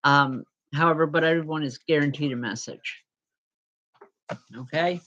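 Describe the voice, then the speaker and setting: A woman working as a spiritual medium gives spirit readings to viewers on a live stream. Her low voice stays gentle and reassuring, with pauses and fillers, and the sound is lo-fi.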